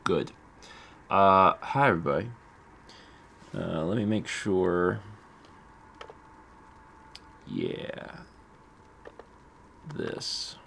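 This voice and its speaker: A man's voice: deep voice, big pitch swings, drawn-out words, gravelly, long pauses, a bit bright, a little hiss or hum. A man chatting casually on a game stream, rambling and amused, with frequent fillers and asides.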